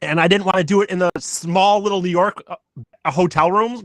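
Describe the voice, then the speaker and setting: Fast, bright-voiced man telling a story. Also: high voice, no room sound. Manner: swears a lot, animated storytelling. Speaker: podcast co-host. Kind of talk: casual storytelling chat.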